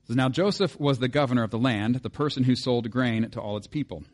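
Man, pastor, conversational sermon, rhetorical questions, mid-pitched voice. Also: fast, a little mellow.

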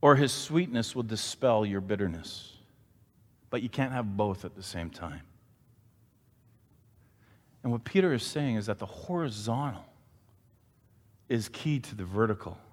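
A man preaching a sermon, an animated storyteller who asks the congregation questions. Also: lowish voice, unhurried, long pauses, in a large hall. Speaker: pastor.

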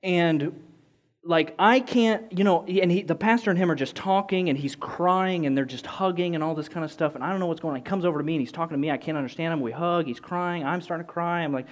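A man's voice: fairly high pitch, fairly quick. Earnest rambling young man storyteller. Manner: rambling, many restarts and "like" fillers; earnest, rising excitement in quoted moments. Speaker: speaker telling a personal faith story. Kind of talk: candid storytelling.

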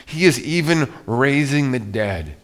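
A man's voice: medium pitch, lively intonation, measured pace. A male pastor preaching a sermon in a conversational way, often restarting his sentences. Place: church.

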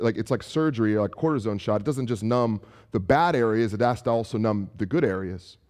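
A man preaching a conversational sermon, acting out quoted voices and putting questions to his listeners, with frequent restarts. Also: mid-range voice. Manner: animated, acts out quoted voices and asks the audience questions; frequent restarts and casual fillers. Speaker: pastor.

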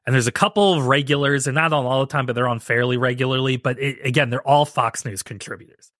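A man's voice: medium pitch, quick pace, a bit bright, dry recording, clean studio sound. A man hosting a podcast, giving sarcastic commentary and mocking impressions in a casual, ranting way. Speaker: podcast host.

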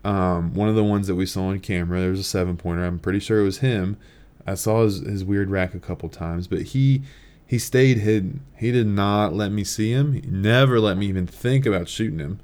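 A young man hosting a podcast and telling a story in a casual, animated way, swearing and laughing as he talks. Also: lowish voice, brisk. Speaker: podcast host.

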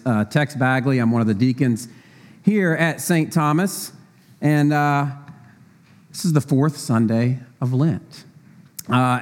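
A man's voice: medium pitch, a little mellow. A middle-aged man preaching a sermon in church as a deacon, chatty and conversational, asking rhetorical questions with frequent fillers.

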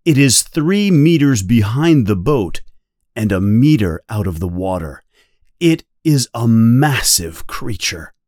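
A man reads a novel aloud slowly and clearly, pacing it for English learners. His pitch rises and falls with lively expression. The voice sits close to the mic in a dry, dead space. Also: no echo. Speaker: reader. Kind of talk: slow guided reading for English learners.

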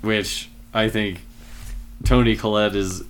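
Low-voiced man retelling a movie. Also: slow. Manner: relaxed, retells scenes with many "like"s. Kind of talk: casual film discussion.

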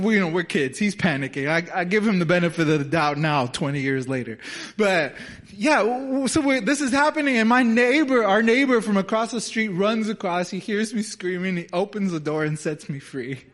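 High-voiced young male pastor preaching. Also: expressive, moderate pace, a bit bright. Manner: conversational, earnest, repeats words and restarts. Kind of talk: sermon.

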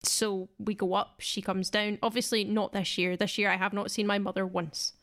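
A woman's voice: medium pitch, flat delivery, normal speed, fairly bright tone. A young Scottish woman co-hosting a podcast, telling stories in chatty, casual talk and laughing a lot. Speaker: podcast co-host. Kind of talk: casual storytelling chat.

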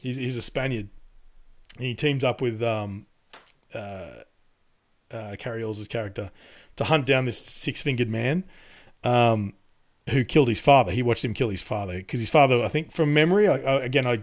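A man's voice: mid-range voice, moderate pace. A man in casual podcast chat, rambling with lots of fillers, laughing and swearing as he talks. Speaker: podcast co-host.

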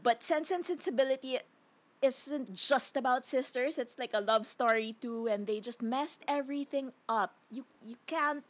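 A woman's voice: high-pitched, normal speed. A woman co-hosting a casual movie review chat who rambles and laughs while tearing the film apart. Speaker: podcast co-host.

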